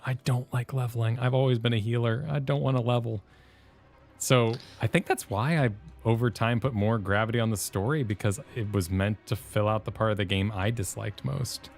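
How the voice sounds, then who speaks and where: Chatty man streaming a game. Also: medium pitch. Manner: animated, laughing, self-interrupting. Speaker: streamer co-host. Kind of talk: casual gaming chat.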